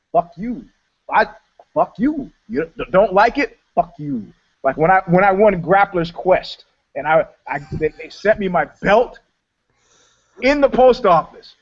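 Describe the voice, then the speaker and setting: A man co-hosting a casual chat, telling stories loudly and profanely and acting out the people in them. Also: sits high. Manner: profane, animated storyteller acting out quotes. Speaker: podcast co-host. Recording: dull lo-fi podcast audio.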